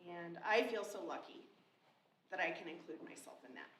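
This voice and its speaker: A woman's voice: lowish voice, lively intonation, moderate pace. A woman in her forties, a state official, giving a heartfelt and conversational memorial tribute, laughing now and then. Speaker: Secretary of State speaking at a memorial. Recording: roomy echo from a distant mic, faint noise.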